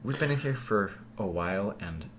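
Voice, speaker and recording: A man talking casually as a player in a tabletop game, quick to react and animated. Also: lowish voice, heavy background noise.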